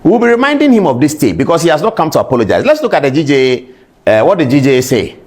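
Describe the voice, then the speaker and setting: A man's voice: a little high, very animated, quick pace, darkish tone. A man with a Ghanaian accent giving emphatic political commentary, repeating his points and addressing people directly. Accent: Ghanaian English. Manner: repetitive, rhetorical, appealing directly.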